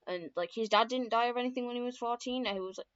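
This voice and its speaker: Fast and smooth, with a slightly high, fairly bright tone, a young woman rambles through her own story lore. Her telling is casual and full of swearing, fillers and self-corrections, on a dull lo-fi recording.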